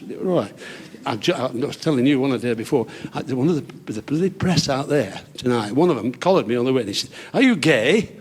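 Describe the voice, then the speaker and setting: In the manner of classic club stand-up, a comedian chats through his jokes, chuckling between lines and going for broad punchlines. He speaks at medium pitch, and the recording carries a little hiss or hum.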